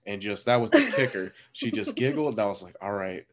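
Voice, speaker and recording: A man in his thirties telling a story in a relaxed, rambling way, full of fillers and laughing at himself. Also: lowish voice, a little fast. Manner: laid-back, rambling with many fillers and frequent laughs. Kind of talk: casual storytelling chat.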